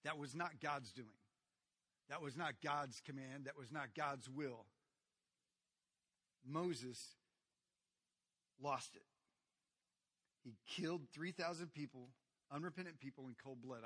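A man preaching a sermon to his congregation, addressing them directly and swinging from quiet asides to loud, animated retellings. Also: mid-range voice, measured pace, long pauses, slightly rough. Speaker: pastor.

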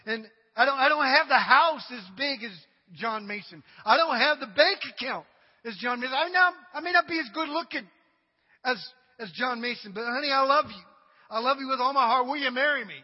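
A man's voice: very high-pitched, brisk, voice pushed up. A man voicing an eager young man proposing to his girlfriend, pleading insistently, in a dull recording with long hall reverb.

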